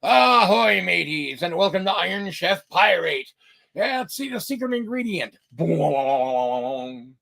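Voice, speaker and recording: A man voicing a boisterous pirate who hosts a cooking show, with loud, hammy bluster. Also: sits high, animated, slow pace, gravelly, pitched above the performer's own voice, heavily acted.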